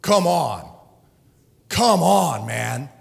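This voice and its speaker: Middle-aged male pastor, high animated voice, emotional pulpit delivery, church hall reverb. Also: extremely slow, creaky. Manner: emotional, swings from shouting to hushed. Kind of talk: sermon. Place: church sanctuary.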